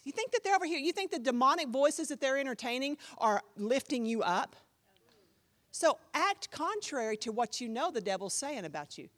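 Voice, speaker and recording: Woman pastor preaching, high voice, swoops all over the place, acts out the people in her stories. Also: moderate pace, in a large hall. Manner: animated storytelling, acting out quoted voices. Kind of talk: sermon.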